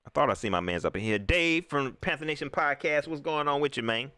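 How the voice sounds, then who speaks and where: Animated ranting man. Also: a little high, brisk, clear, resonant tone, no echo, studio quality. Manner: animated, repetitive ranting in casual slang. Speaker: livestream host. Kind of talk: post-game sports reaction livestream.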